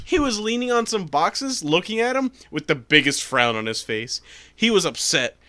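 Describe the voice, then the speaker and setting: A young man co-hosting a casual podcast, telling excitable stories and laughing often. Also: sits high, moderate pace, dry recording. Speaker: podcast co-host. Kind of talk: casual storytelling chat.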